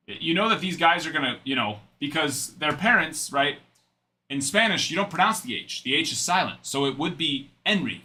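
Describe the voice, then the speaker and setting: A man's voice: a little high, lively intonation, normal speed, bright, forceful tone. A young adult man hosting a live card-break stream, chatting and rambling in asides while he reads out cards.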